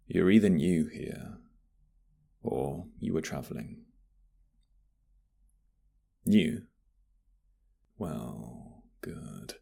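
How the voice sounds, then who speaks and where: A man playing a husky, gravelly flirty barista in whispered role-play. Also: a bass voice, full character voice. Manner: flirty, teasing, soft-spoken. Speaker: ASMR roleplay voice actor.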